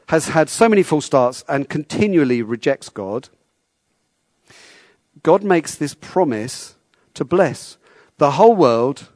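A man's voice: fairly high pitch, darkish tone, dry recording. A man preaching a sermon in a conversational way, often repeating words and asking his listeners questions.

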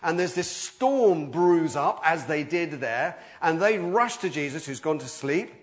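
Male preacher, middle-aged, fairly high voice, lively delivery with sudden loud outbursts. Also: measured pace. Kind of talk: sermon.

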